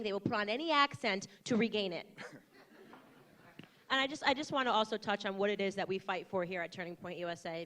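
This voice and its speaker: Bright, emphatic American woman at a rally. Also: mid-range voice. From United States. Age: 30s. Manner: emphatic, combative, rousing. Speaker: political commentator speaking to a crowd. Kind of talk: political rally speech.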